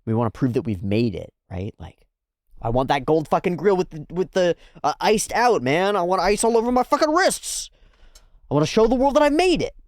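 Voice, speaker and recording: Brash young man bragging and cursing, voice rising high, as a man plays him. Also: big pitch swings, brisk, dry recording, clean studio sound. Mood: boastful. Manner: brash, boastful, swearing. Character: cocky young man boasting of success.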